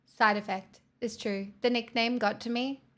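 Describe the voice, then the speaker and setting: A woman's voice: a little high, fairly even intonation, normal speed, fairly bright tone. A woman from the southeastern US hosting a livestream, chatting casually and teasing her viewers as she reads the chat. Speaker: livestream host.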